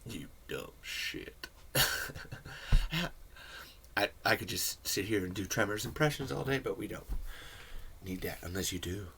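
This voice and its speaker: A man's voice: fairly low pitch, fairly quick, gravelly, a bit bright, a little hiss or hum. A man hosting a casual film commentary, talking in a rambling, enthusiastic way full of fillers. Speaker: film commentary video host.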